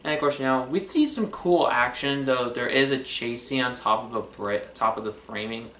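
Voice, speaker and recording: A man's voice: medium pitch, normal speed, fairly bright tone, a little hiss or hum. Rambling man in an echoey room. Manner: rambling, heavy with fillers and restarts. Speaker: film reviewer. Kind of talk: casual rambling review. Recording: roomy echo.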